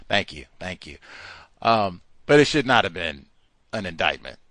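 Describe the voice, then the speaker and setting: Animated emphatic male radio host. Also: low voice, normal speed. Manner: animated, emphatic, repeats words for stress. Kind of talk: call-in radio talk monologue.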